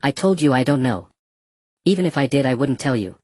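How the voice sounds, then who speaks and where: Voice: medium pitch, animated, a little fast, darkish tone, no room sound, studio quality, close to an everyday voice. A narrator voicing a cruel, mocking male slave trader in a black robe, speaking casually and scornfully. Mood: cold mockery. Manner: casual, scornful, matter-of-fact.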